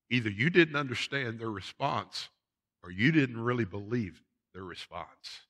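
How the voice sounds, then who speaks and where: A man's voice: medium pitch, lively intonation, a little slow, a bit bright. A man preaching a sermon as pastor of a church, repeating his points and calling the congregation folks. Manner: preaching with emphatic repetition, addressing the congregation as folks. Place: church sanctuary.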